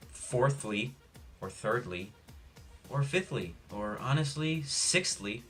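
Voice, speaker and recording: A young man giving a jokey, rambling sports preview, deadpan with self-mocking asides. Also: fairly low pitch. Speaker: sports vlogger.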